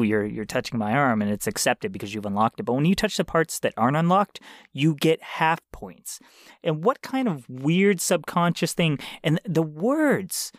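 A man's voice: on the high side, dry recording, clean studio sound. A man co-hosting a podcast in casual chat, earnest and opinionated, now and then swearing. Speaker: podcast co-host.

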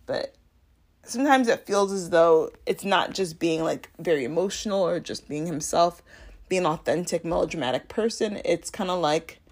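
Chatty woman podcaster, animated asides. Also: normal speed. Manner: chatty, animated, acts out her own reactions with big pitch jumps; frequent fillers and self-corrections. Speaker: podcast host. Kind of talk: casual solo commentary. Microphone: home podcast mic.

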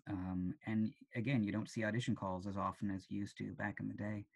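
A man's voice: on the low side, little pitch movement, fairly quick, creaky, a little mellow, breathy edge. A man, an actor and director, talking casually as an interview guest, thoughtful and hesitant, with frequent ums. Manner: thoughtful, with many ums and restarts.

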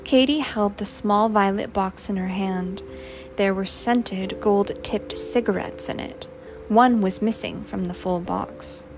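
A woman narrating a story in a measured, even audiobook style. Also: mid-range voice, soft background music.

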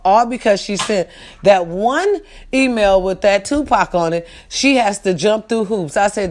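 A woman's voice: fairly high pitch, expressive, unhurried. Emphatic, profane woman podcast host. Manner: emphatic, profane, addresses listeners directly. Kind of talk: casual podcast rant.

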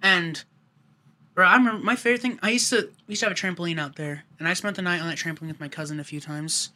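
A man's voice: high voice, fast talker. A young man casually telling a rambling, profane childhood story to friends. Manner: rambling, profane, animated retelling.

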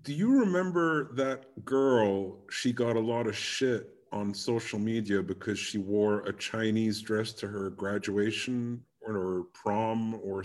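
A man co-hosting a casual chat who teases his partner and tells stories in a playful way. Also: fairly low pitch. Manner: playful, teasing, slips into mock voices.

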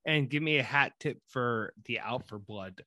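A man co-hosting a casual sports podcast, animated and profane, jumping from mumbled asides to loud excited pitches. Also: moderate pace, no echo, studio quality. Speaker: podcast co-host.

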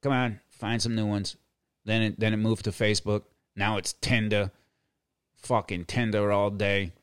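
In a dry, studio-quality recording, a middle-aged podcast host rants crudely for comedy, swearing, repeating phrases, and chuckling. His fairly low voice is smooth and level, a little slow.

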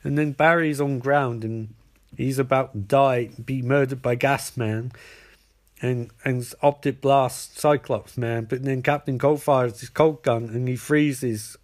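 A man's voice: mid-range voice, fairly even intonation, a little slow. A man retelling a show in a rambling, comic way, with many fillers. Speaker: show recapper. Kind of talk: comedic show recap.

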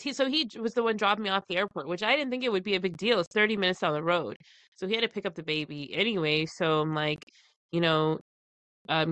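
A woman's voice: medium pitch, fairly bright tone, clear, resonant tone, dry recording. A woman in her thirties co-hosting a podcast, animatedly retelling a story with quoted dialogue and frequent laughs. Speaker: podcast co-host. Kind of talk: casual chat, storytelling.

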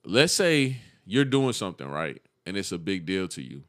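A young man chatting on a casual podcast in a slightly low voice. He tells his stories in loose slang and acts out the lines of the people in them. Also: normal speed. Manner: animated, slangy storytelling with acted-out quotes. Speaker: podcast co-host.

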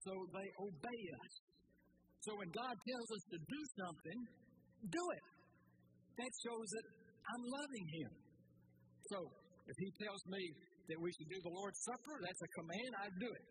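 A man with a high-pitched voice preaches a sermon as a pastor. He talks earnestly, repeats key phrases and asks the congregation rhetorical questions, with clear noise behind him. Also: animated, moderate pace.

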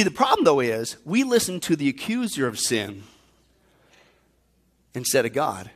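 This man, a pastor, preaches with forceful rhetorical questions that alternate between outbursts and hushed side remarks. His voice sits a little high.

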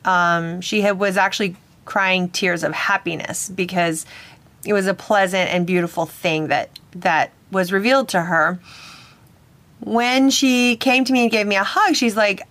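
A woman's voice: medium pitch, steady tone, measured pace, a bit bright. Earnest woman telling a personal story. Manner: earnest, slightly hesitant, with many restarts. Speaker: psychic medium and podcast host.

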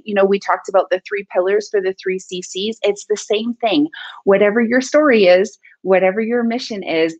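A woman co-hosting an education podcast, talking in a warm, effusive way in a casual panel chat. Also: mid-range voice, dry recording, lo-fi sound. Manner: effusive, enthusiastic. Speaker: podcast co-host.

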